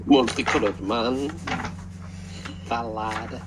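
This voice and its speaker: A man's voice: medium pitch, steady tone, takes it slowly, noisy background. A man player at a tabletop game, tossing out joking quips. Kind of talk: casual chat at a game table.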